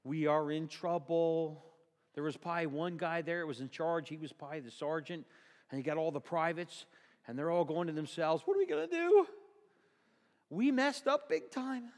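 A man's voice: on the high side, in a large hall. A male pastor preaching a sermon in a church, telling the story vividly and asking the congregation questions.

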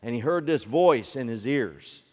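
A male preacher tells a story from the pulpit, his mid-range voice trailing a long reverb through a large hall. He moves between hushed low passages and loud, climbing peaks. He pulls the congregation in with rhetorical questions. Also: lively intonation, unhurried. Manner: asks the audience rhetorical questions. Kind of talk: sermon storytelling.

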